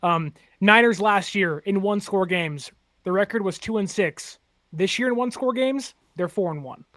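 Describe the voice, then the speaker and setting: A man's voice: high voice, moderate pace, fairly bright tone, dry recording. A man as a podcast guest in casual chat, matter-of-fact as he gives stats.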